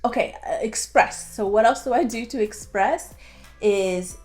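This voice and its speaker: A woman's voice: a little high, a little slow, faint music behind. A woman vlogger talking casually to her viewers about motivation, rambling a little and filling gaps with "like". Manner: chatty, heavy use of "like", light self-laughing. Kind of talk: casual talk to camera.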